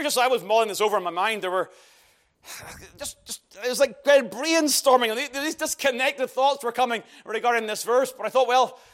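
Man preaching, really high voice, lots of rhetorical questions, emphatic. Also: a bit bright. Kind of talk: sermon.

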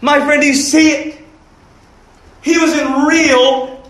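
A man's voice: extremely high pitch, moderate pace, echoey room. A man preaching a sermon as pastor, earnest and pleading, asking his listeners questions.

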